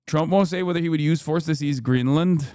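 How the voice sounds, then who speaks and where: A man hosts a live stream and reacts to the news with animated disbelief. His voice is high and clear. The recording is dry and close. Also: no echo. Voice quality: animated and incredulous, with rapid asides. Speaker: streamer and host. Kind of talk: casual live-stream commentary.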